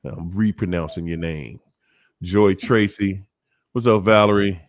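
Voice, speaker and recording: A man with a Washington DC accent hosting a live online show, giving playful, slangy shout-outs to viewers. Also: low voice, unhurried, no room sound. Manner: animated and playful, slangy, laughing often.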